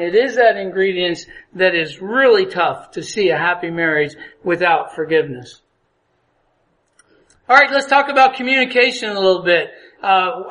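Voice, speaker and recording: A man delivers a sermon on marriage in a casual, conversational way. His voice sits very high for a man, and he keeps asking his listeners questions and acting out the people in his stories. The room gives his voice a strong echo. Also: fairly bright tone. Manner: conversational, asks the audience questions; acts out story voices. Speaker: preacher. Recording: echoey room.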